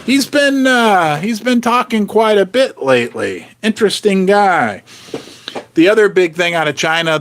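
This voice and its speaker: A man hosting a casual livestream, jokey and animated, reading out viewer comments. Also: fairly high pitch. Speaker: host.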